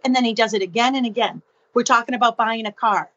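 A woman's voice: on the high side, fast talker, dull audio. A woman from the area, a podcast guest explaining ideas and acting out little scenes in voices. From Boston area. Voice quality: expressive, acts out dialogue in voices. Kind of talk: animated podcast explanation with acted-out anecdotes.

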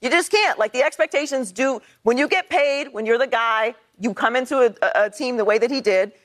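A woman debating on a sports talk panel in a slightly high voice. She builds her case firmly and works through the statistics. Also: brisk, fairly bright tone. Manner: firm, lays out stats methodically.

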